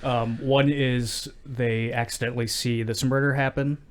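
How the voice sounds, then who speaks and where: A man's voice: medium pitch, flat delivery, measured pace, a little hiss or hum. Easygoing man explaining a movie plot. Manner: loose, hesitant, with ums and restarts. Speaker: podcast co-host. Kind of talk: casual movie-recap chat.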